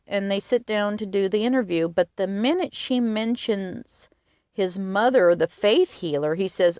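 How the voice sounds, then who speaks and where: A woman's voice: medium pitch, animated, unhurried, a little mellow, smooth, no room sound, studio quality. A woman retelling a film's plot in earnest detail, stressing its emotional moments. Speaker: film reviewer.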